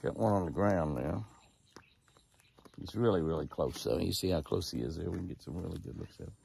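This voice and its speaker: Man, very gravelly, folksy, coaxing deer, outdoors, faint background noise. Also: low voice, brisk, warm tone. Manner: folksy, coaxing deer in a sing-song call. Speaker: ranch owner and show host. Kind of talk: casual outdoor narration. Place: outdoors at a deer feeding spot.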